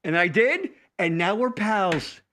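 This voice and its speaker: High-voiced, profane joking man. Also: animated, slow pace, pushed and bright. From Pennsylvania, USA. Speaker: podcast host. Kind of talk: casual chat.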